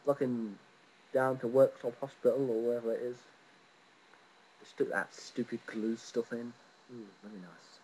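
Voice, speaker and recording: A man's voice: mid-range voice, little pitch movement, moderate pace, long pauses, mellow, low-quality recording. A young man chatting casually at home, crude and teasing, telling a story with jokes. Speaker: vlogger. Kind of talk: casual chat. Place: front room at home.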